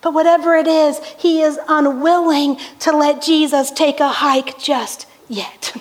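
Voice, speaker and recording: A woman pastor preaching a sermon, telling the story with rhetorical questions and soft laughs. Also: high voice, flat delivery, unhurried. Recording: echoey hall reverb.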